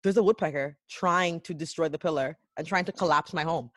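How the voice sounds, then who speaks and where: A young woman co-hosting a podcast, chatting casually and acting out quotes in a loud, animated way. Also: sits low, brisk, dry recording, studio quality. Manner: animated storyteller, acts out quotes loudly. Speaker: podcast co-host. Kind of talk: casual chat.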